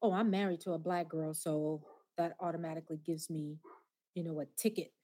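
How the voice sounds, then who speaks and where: A woman co-hosting a podcast in casual chat, reacting with quick exclamations and retelling stories. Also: low voice, fairly even intonation, dark tone, breathy edge. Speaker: podcast co-host.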